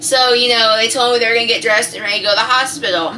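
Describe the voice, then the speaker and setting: A woman's voice: a little high, very fast, recorded from a distance, a little hiss or hum, low-quality recording. A woman, telling a personal story to camera in casual, profane chat. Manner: chatty, swears freely, acts out quotes loudly. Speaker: vlogger.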